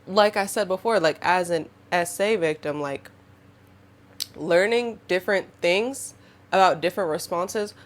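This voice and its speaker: Expressive young woman talking straight to camera. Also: on the low side, a little slow. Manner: expressive, animated, acts out quotes. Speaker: podcast host. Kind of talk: casual monologue to camera.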